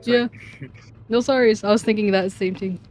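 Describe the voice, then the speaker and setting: A woman live-streams a video game and chats loosely between lines of dialogue. She pokes fun at herself in relaxed, casual asides. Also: mid-range voice, normal speed, soft background music. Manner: chatty, self-mocking asides. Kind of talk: casual gameplay commentary.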